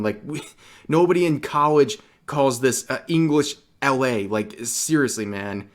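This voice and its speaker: A man's voice: mid-range voice, moderate pace. A man hosting an online commentary video, reading out chat logs and reacting with open disgust. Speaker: commentary channel host.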